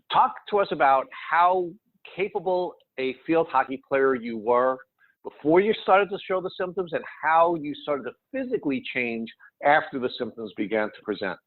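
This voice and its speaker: Male interviewer, measured and formal, mid pitch, thin phone-line sound. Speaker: host, interviewer. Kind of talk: interview questions.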